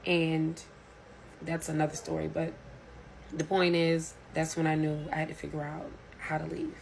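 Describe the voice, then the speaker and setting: A woman speaking quietly and casually about a past relationship. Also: low-pitched, monotone, normal speed, vocal fry, a little hiss or hum, poor audio. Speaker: interviewee. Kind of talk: casual storytelling.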